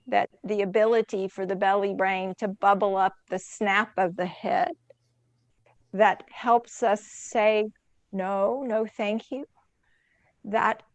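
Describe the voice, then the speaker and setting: A woman on an online panel giving an earnest, measured reflection over a video call. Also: mid-range voice, dry recording. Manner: earnest, measured, slows down for emphasis. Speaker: panel speaker. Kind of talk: reflective talk.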